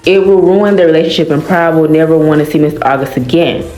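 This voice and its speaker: A woman reads a fan-fiction story aloud in a casual way, her voice sitting a bit low. She stops now and then to react to the story. The room has a roomy echo, and faint music plays underneath. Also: moderate pace, hardly any pauses, darkish tone. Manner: reads dialogue with pitch jumps, breaks off to react and laugh. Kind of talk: casual story reading with commentary.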